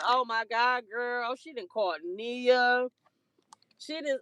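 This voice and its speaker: A woman with a fairly high voice rants through a story, heated and profane, breaking into laughter. The sound is dry and close, with no room echo. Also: takes it slowly, fairly bright tone, smooth, dull audio. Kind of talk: casual storytime rant.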